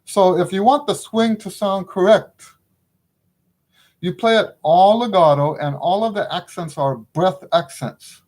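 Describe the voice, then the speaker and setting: A man's voice: high voice, a little slow, darkish tone. A middle-aged man teaching trumpet in a casual spoken lesson, frank and opinionated, often checking in with the listener.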